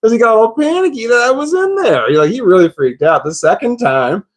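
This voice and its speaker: A man's voice: very high voice, lively intonation, a little fast. A man telling a story in casual talk, rambling, repeating himself and swearing. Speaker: vlogger.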